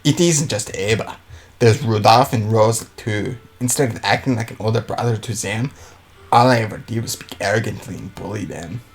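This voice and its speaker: A man voicing a stern, regretful middle-aged eldest brother in a quiet, subdued read. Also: fairly low pitch, normal speed, vocal fry. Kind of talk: reading a visual novel aloud.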